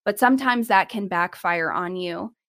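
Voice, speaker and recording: A young woman speaking as a podcast guest, giving earnest advice and acting out quoted dialogue with a lifted voice. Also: moderate pace. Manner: animated, acts out quoted dialogue with rising pitch.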